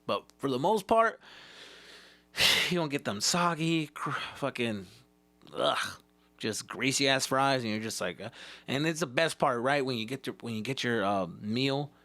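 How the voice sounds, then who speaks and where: A man's voice: medium pitch, animated, measured pace, bright, forceful tone, dry recording. A male comedian hosting his podcast, telling a rambling, profane story and acting out the voices of the people in it.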